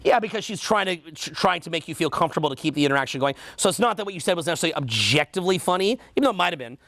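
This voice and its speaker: A man's voice: fairly high pitch, lively intonation, racing, fairly bright tone, no echo. A man with a Canadian accent teaching a seminar, quizzing the audience and repeating their answers back. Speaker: dating coach.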